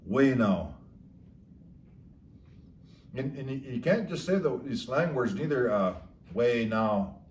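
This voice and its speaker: A man's voice: medium pitch, a little hiss or hum. A man casually explaining local slang words, chuckling often as he talks. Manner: slow, chuckling, drawn-out storytelling. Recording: echoey room, slightly distant mic.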